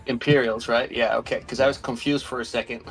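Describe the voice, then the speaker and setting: A man chatting casually on a game stream call, easygoing and quick to laugh and ask questions. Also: mid-range voice, fairly even intonation, gravelly, faint music behind. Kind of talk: casual chat while gaming.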